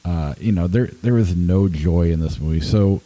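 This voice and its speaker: Very deep, dark-voiced man in his forties. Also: poor audio. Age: 40s. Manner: hesitant, halting, full of restarts. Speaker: podcast co-host and film critic. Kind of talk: casual podcast review.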